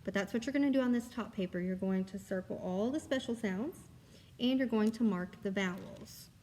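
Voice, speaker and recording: A woman's voice: mid-range voice, a little fast, dark tone, a little hiss or hum. A woman teaching kindergarten in a recorded lesson, explaining each step patiently and encouraging the children. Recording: long reverb, echoey room.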